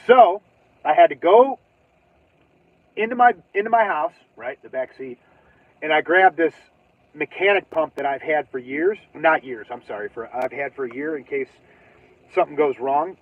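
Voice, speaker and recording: A man's voice: a little high, dry recording. A man hosting a livestream who tells a story casually and animatedly, swearing, laughing and acting out his own reactions. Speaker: livestream host. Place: in his car. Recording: tinny phone-like livestream audio.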